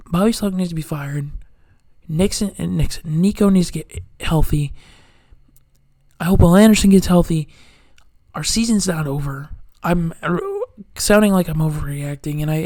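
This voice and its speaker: A man's voice: high voice, a little mellow, dry recording. A man in a heated, profane rant about his football team, swearing nonstop. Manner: angry, swearing constantly, ranting. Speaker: sports fan commentator.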